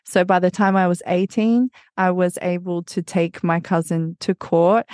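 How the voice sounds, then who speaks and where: Woman guest, low-ish voice, dry close sound, candid and intense storyteller who swears freely. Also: a little mellow, no room sound. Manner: intense, swears freely, acts out quoted people. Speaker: podcast guest.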